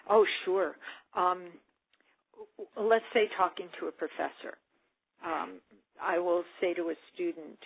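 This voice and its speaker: A middle-aged woman who works as an autism support specialist answers questions in a webinar, earnestly explaining and acting out sample dialogues between students and a coach. Her voice is deep and gravelly with fairly even intonation at a normal speed. The audio is poor.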